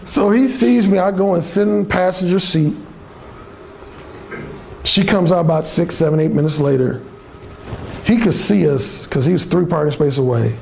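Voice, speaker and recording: A man's voice: high voice, moderate pace, creaky, long pauses, a little mellow, slight background noise. An older man telling a crude, swaggering story in a blunt, casual way as a dating coach.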